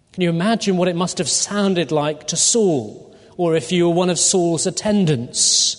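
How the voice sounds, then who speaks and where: With a voice on the high side, a man preaches an expository sermon through a Bible passage, speaking deliberately and peppering his listeners with rhetorical questions. A long hall reverb hangs on the recording.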